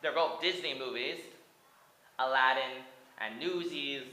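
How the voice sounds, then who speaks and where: This American in their 20s retells a cartoon movie for laughs, rambling and stammering into restarts, peppering speech with "like," and breaking into song. They speak unhurriedly in a medium-pitched, sharp voice, on a low-quality recording with roomy sound.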